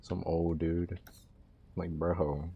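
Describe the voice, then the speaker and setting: A man's voice: sits low, little pitch movement, drawn-out words, slightly rough, muffled recording. A young man livestreaming, joking and teasing his viewers in laid-back, casual chat, often laughing.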